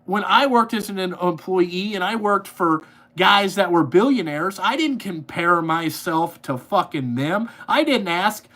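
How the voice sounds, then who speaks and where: A man's voice: sits high, lively intonation, a little slow, pushed and bright. A man ranting angrily into his podcast mic, swearing constantly and rambling with repeated fillers. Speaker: podcast host, trucking business owner. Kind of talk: profane ranting monologue.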